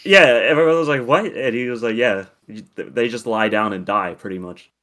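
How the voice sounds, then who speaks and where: A young man with a lowish voice spins a long, loose story between frequent laughs. He rambles and swears freely in relaxed podcast chat. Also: a little fast. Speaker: podcast co-host.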